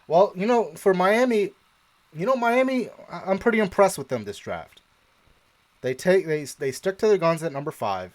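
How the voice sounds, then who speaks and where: A man's voice: high-pitched, expressive, a little slow, long pauses. A man co-hosting a live sports stream, casually chatting and acting out his own past reactions as he tells a story, laughing often. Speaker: co-host of a sports show.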